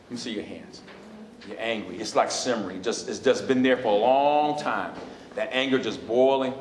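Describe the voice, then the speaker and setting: A man's voice: medium pitch, slight background noise. Man, pastor, church sermon, call-and-response questions, long reverb, faint room sound. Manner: call-and-response preaching, asks the congregation questions. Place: church sanctuary. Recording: echoey hall.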